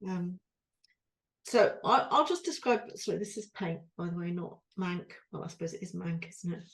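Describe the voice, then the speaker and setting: A woman's voice: fairly low pitch, moderate pace. A woman co-hosting a podcast, talking in a rambling, self-interrupting and emotional way. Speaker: podcast co-host. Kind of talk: reflective conversational chat.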